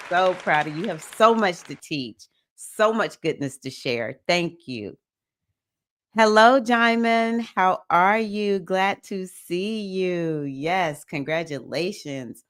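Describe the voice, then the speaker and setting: A woman hosting a casual livestream chat, enthusiastically cheering on viewers and reading their comments aloud. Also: fairly low pitch. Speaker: livestream host.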